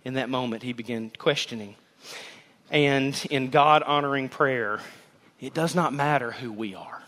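A man preaching a sermon to his congregation in a lively, joking way. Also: mid-range voice, unhurried. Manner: animated, joking preacher who addresses the congregation. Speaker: pastor. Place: church sanctuary. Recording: long hall reverb in a church.

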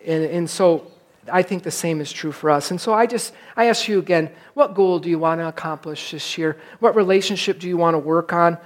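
A middle-aged male pastor preaching in church, telling a personal story in an animated, self-mocking way and acting out his frustration. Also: a little high, fairly quick.

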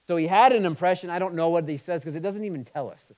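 A man preaching a sermon, moving between emphatic, passionate stretches and quiet, somber ones. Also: sits high, fast talker, rough recording. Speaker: pastor.

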